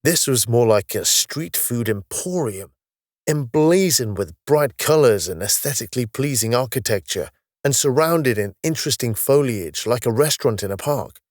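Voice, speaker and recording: A man narrating a science-fiction audiobook in a steady, even storytelling manner. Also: medium pitch, normal speed, no room sound, clean studio sound.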